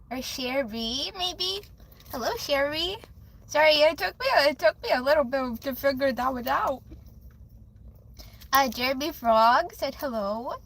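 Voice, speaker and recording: A woman's voice: sits high, a bit bright, poor audio. A young woman hosting a live stream, chatting casually with viewers, giggling often and restarting her sentences with lots of fillers. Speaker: livestream host.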